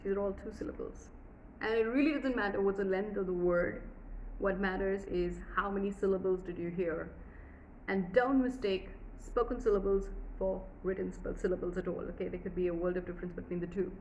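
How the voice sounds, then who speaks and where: A woman's voice: medium pitch, fairly even intonation, fairly quick, darkish tone, highs cut off, a little hiss or hum. A woman teaching a pronunciation workshop, drawing out example words and asking the listener questions. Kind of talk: workshop lesson.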